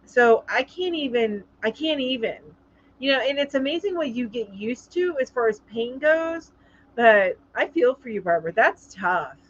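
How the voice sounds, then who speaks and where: A woman hosting a casual live-stream chat, reading viewer comments aloud in a chatty, sympathetic way, halting with many ums. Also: fairly high pitch, animated, muffled recording, a little hiss or hum. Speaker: live show host.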